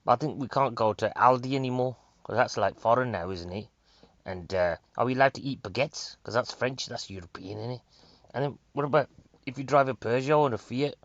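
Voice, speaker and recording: A male comedian with a Northern English accent, talking in a chatty, excitable ramble that keeps drifting to new subjects. His voice sits at an ordinary pitch. The recording is dry and a little dull. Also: fairly quick, no echo. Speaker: stand-up comedian. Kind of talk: rambling stand-up monologue. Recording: dry, slightly dull sound.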